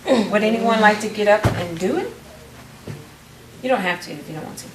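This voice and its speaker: A woman's voice: medium pitch, animated, normal speed. A woman, teaching a classroom phonics lesson, patiently prompting her students and restarting phrases. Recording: roomy, distant, faint background noise.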